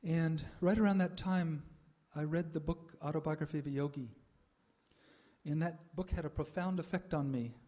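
Older guy telling his life story, warm mellow voice, kinda pausey with lots of uh's. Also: fairly high pitch. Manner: reflective, with frequent "uh" pauses and soft laughs. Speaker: speaker sharing a spiritual life story. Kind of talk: personal testimony talk.

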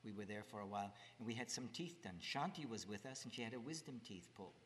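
A man telling a family story alongside his wife, lively and chiming in with quoted lines. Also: fairly low pitch, quick pace, big-room sound, slight background noise. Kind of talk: spiritual storytelling with partner.

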